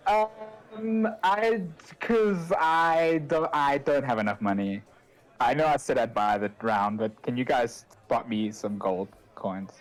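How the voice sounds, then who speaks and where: A man's voice: mid-range voice, takes it slowly. A man taking part as a player in a tabletop game, speaking hesitantly and stammering. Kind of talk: tabletop role-play.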